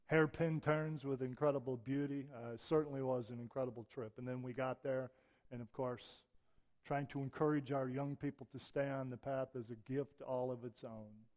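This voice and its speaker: A man's voice: mid-range voice, fairly even intonation, moderate pace, darkish tone. A middle-aged man preacher giving a conversational sermon, mixing wry humor into his lesson.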